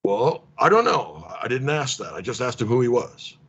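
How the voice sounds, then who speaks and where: A man teaching a casual online seminar, wry and animated, acting out dialogues with mock exasperation. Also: medium pitch, normal speed, husky. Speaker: lecturer. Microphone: video call. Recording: lo-fi online call audio.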